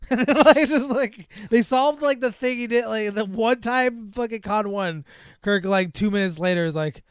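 A young man co-hosting a casual movie chat, animated and mocking, laughing often as he acts out scenes. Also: high voice, normal speed, smooth, no echo, clean studio sound. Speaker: podcast co-host.

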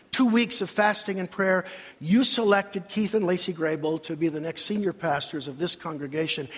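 An older man preaching a sermon in a church, dramatic, with long pauses and sudden swells of emphasis. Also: high voice, fairly bright tone. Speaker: senior pastor. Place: church sanctuary. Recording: reverberant church hall.

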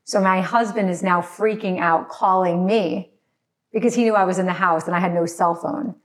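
A woman's voice: mid-range voice, fairly even intonation, moderate pace. Tearful woman telling a frightening story. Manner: tearful, apologetic, restarts often. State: crying at times. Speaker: guest. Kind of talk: emotional personal story in a podcast conversation.

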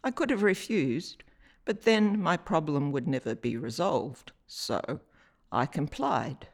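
A woman from Italy whose first language is Italian, an artist reading her own reflective personal narration in a measured, deliberate way with pauses. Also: deep voice, expressive.

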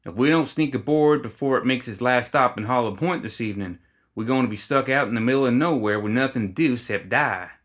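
A man's voice: mid-range voice, a little fast, a bit bright, voice pushed up, close to an everyday voice. A man voicing a grumbling, practical female gremlin matriarch with a drawl.

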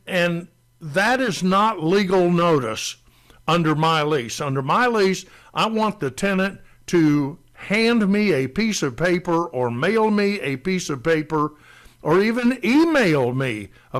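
A man co-hosting a talk show, explaining rental rules in a deliberate way and stressing key words. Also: sits high, lively intonation, fairly bright tone. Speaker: landlord co-host explaining rental law.

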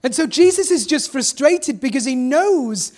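A man with an English accent, a pastor delivering an earnest, emphatic sermon in church with dramatic pauses. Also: extremely high pitch, lively intonation, a little mellow. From England.

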